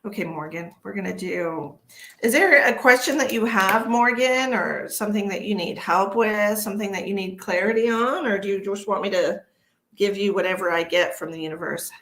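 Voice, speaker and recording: Talking a little fast at a medium pitch with fairly even intonation, this woman runs a laid-back psychic livestream from her home. Tired after early work hours, she chats away, welcomes viewers by name, and doesn't hold back on swearing. The recording has an echoey room sound.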